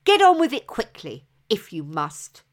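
Rash young hero, voiced by a woman: proud, defiant, slow and clipped. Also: a little high, huge pitch swings.

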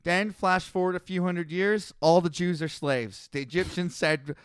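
A man co-hosting a comedy podcast, telling stories in a crude, rapid-fire way and slipping into mock voices for the people in them. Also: high-pitched, clear, resonant tone, dry recording, clean studio sound. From Canada. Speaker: podcast co-host. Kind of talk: casual comedic retelling.

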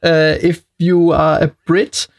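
A man's voice: on the high side, level tone, slow. A Danish man with a Danish accent, a podcast guest speaking English as a second language, talking with frequent fillers and restarts. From Denmark. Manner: hesitant, many restarts and fillers. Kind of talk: podcast conversation.

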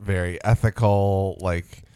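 A man co-hosting a podcast in a casual chat, relaxed and agreeable, adding short comments. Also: low-pitched, slow pace, clear, resonant tone, dry recording. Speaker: podcast co-host.

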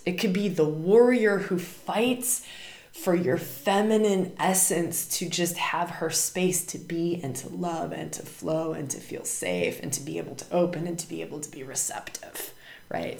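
A woman's voice: deep voice, gravelly, a little mellow, roomy sound. A woman hosting a spiritual astrology podcast, talking emphatically, repeating words and asking "right?" again and again. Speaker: podcast host.

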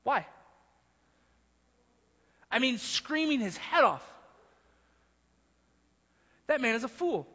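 High, bright-voiced man preaching. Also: very animated, takes it slowly, pauses often, husky. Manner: emphatic, repeats words, acts out quotes. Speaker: pastor. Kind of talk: sermon. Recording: muffled hall recording.

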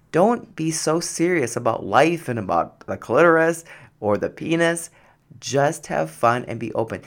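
A woman hosts her podcast in a chatty, frank way, laughing as she talks. Her pitch bounces up and down with a lot of life. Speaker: podcast host. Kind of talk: casual storytelling monologue.

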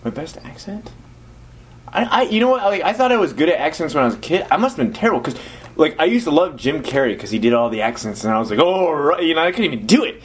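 Husky joking podcast guy, voice bounces around a lot. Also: a little high, sing-song. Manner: quick wisecracks, laughs often. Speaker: podcast co-host. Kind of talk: casual joking chat.

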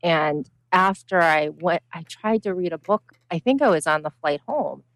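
Low-voiced reflective woman co-host. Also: animated, no room sound, rough recording. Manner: measured, reflective, halting. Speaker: podcast co-host. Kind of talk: casual podcast chat.

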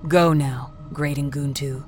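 A woman voicing a calm, steadfast man in a living octopus mask, speaking low, quiet and measured. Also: faint music behind. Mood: commanding.

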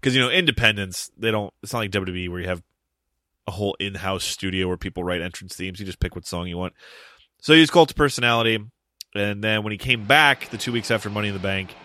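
Emphatic, swearing podcast host. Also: male voice, lowish voice, fast talker, sharp tone. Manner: emphatic, swears freely, long explanations. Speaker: podcast co-host explaining pro wrestling. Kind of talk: casual podcast chat.

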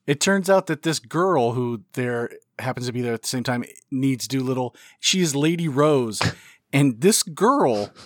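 A man's voice: mid-range voice, expressive, a little slow, no echo, studio quality. A man co-hosting a casual film-review podcast, wry and mocking as he retells scenes. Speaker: podcast co-host.

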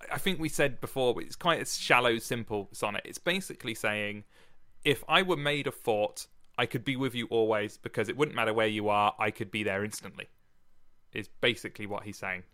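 A man's voice: on the low side, fairly quick, bright, forceful tone. A man co-hosting a podcast, chatty and joking as he rambles through a sonnet. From Britain. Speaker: podcast co-host. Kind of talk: casual podcast chat.

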